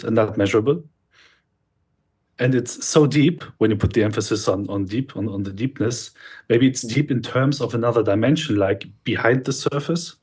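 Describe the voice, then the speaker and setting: A man's voice: mid-range voice, a little mellow, slightly rough. A man in a podcast discussion who speaks in a hesitant, thoughtful way, with many restarts. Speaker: podcast guest. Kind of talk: casual discussion.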